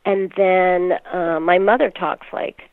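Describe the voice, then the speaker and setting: A woman's voice: fairly low pitch, steady tone, takes it slowly, dry recording. Chatty woman on a tinny phone line. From New York. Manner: chatty, laughs often, trails off with fillers. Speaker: voice actress guest. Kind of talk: casual interview chat.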